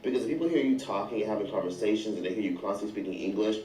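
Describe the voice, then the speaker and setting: Fast, blunt man vlogging from afar. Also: fairly low pitch, a little hiss or hum. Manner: animated, blunt, profane. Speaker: travel vlogger. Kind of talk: casual storytelling to camera. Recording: echoey room, distant from mic.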